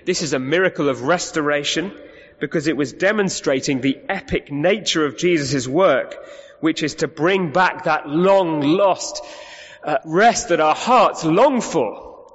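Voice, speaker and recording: A man's voice: on the high side, unhurried, breathy edge. A male preacher delivering an emphatic sermon, asking the congregation rhetorical questions and often restarting his sentences. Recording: reverberant hall, muffled sound.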